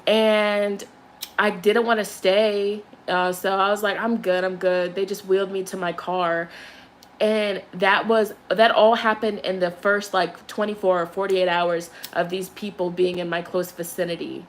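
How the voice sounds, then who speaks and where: A woman's voice: medium pitch, measured pace. A young woman who reads tarot, chatting casually and telling a story with lots of swearing before doing a candle ritual. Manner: chatty, profane, animated storyteller. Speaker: tarot reader.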